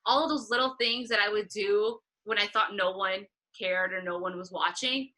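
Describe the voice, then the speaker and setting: Bright-voiced woman telling animated stories. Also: moderate pace, poor audio. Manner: animated storytelling, acting out past dialogue in a higher voice. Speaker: concert photographer guest. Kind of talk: conversational interview.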